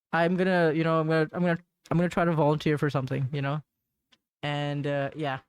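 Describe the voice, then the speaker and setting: A man's voice: high-pitched, clear, resonant tone, no room sound. Guy yapping solo on his podcast, rambly, says like and you know a lot, dry close sound. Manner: rambling, full of fillers and restarts; laughs at awkward moments. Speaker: podcast host. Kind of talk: casual solo monologue.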